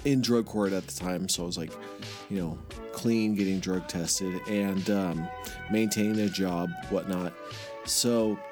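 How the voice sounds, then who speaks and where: A man telling a long personal story in casual podcast chat, rambling and swearing with lots of filler words and self-mocking asides. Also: on the low side. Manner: self-mocking, laughs at himself.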